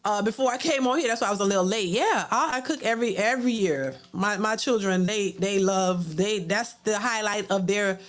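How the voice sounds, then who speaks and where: A woman's voice: mid-range voice, a little fast, few pauses. A middle-aged woman hosting a livestream, reading viewer super chats and giving casual, talkative commentary that often repeats words. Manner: chatty, repeats words, mimics others in a mocking voice.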